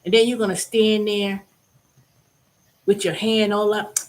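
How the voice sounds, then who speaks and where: A woman at a middling pitch talks straight to the camera in a casual rant. She is blunt and swears freely. Her voice leaps up loud for emphasis and then drops low again. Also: unhurried, long pauses. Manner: animated, swinging between loud and low. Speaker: vlog host. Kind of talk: casual ranting monologue.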